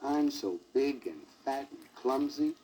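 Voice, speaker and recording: A man's voice: mid-range voice, animated, slow pace, warm tone, slightly rough, exaggerated voice. A man voicing a silly, self-pitying young male elephant who whines and bawls, on a crackly 1960s vinyl record. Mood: sobbing. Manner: whiny and tearful, bawling.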